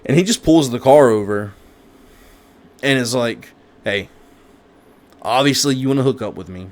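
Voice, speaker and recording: Guy co-hosting a chill chat, rambly and animated, lots of restarts and slang, regular mid pitch. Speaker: co-host. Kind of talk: casual chat recapping a movie.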